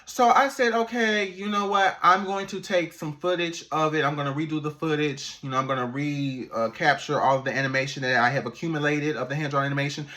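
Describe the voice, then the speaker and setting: A man, an animator, telling a story in a casual, animated vlog, laughing and swearing as he goes. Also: a little high, brisk, few pauses.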